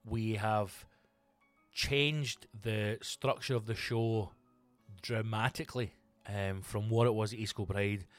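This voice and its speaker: A man's voice: on the low side, dry recording. A Scottish man, a comedian, chatting on his own podcast in a rambling, sweary way with lots of restarts. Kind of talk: casual solo podcast chat.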